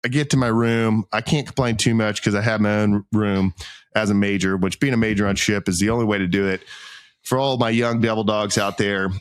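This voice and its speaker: A man co-hosting a podcast, telling a long self-mocking anecdote in a casual, animated way, acting out what people said. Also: lowish voice, a little fast, clear, resonant tone, no room sound, studio quality. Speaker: podcast co-host. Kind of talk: casual storytelling chat.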